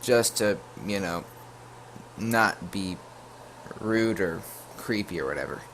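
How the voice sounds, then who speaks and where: A man's voice: sits low, slow, fairly bright tone, a little hiss or hum. Jokey man telling a storytime tale. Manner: jokey, full of asides and self-corrections. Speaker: YouTube storyteller. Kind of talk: casual storytime narration.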